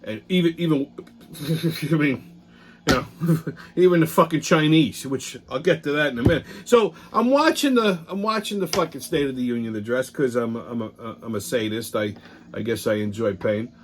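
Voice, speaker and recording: This man speaks at medium pitch and a moderate pace while hosting a weekly political commentary show. He rants in a profane, heated, sarcastic way, rambling and restarting his sentences.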